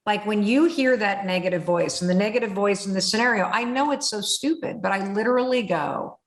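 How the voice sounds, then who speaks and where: Animated woman host in a roomy room. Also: medium pitch, brisk, few pauses. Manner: animated storyteller who acts out inner voices, blunt and swears freely. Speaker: podcast host. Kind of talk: candid conversational interview.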